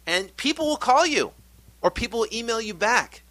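A middle-aged man hosting a podcast, giving an energetic, animated pep talk. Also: extremely high pitch, moderate pace, dry recording. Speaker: podcast host.

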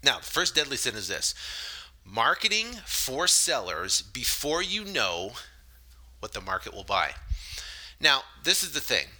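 A man hosting a solo podcast, delivering an energetic, salesy pitch with frequent fillers. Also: a little slow, poor audio. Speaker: podcast host.

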